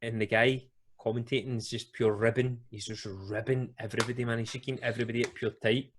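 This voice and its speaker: A young Scottish man spinning a rambling, animated yarn, often breaking into laughter. His voice sits at a middling pitch and he talks in a casual podcast manner. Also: quick pace, background noise. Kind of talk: casual storytelling.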